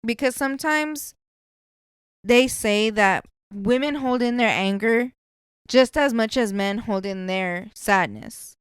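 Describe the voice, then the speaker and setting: A woman's voice: medium pitch, takes it slowly, smooth, dry recording. A woman hosting a podcast, chatting casually in a blunt, profane way. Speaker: podcast host.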